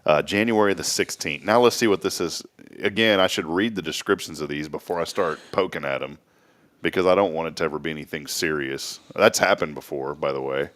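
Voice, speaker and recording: A man's voice: a bass voice, brisk, fairly bright tone. A man hosting a morning talk show, joking and rambling casually. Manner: goofy, rambling, laughs often.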